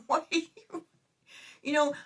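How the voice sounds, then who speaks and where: A woman in her fifties hosting a casual vlog and ranting in an exasperated, animated way, with sudden outbursts. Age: 50s. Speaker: YouTuber.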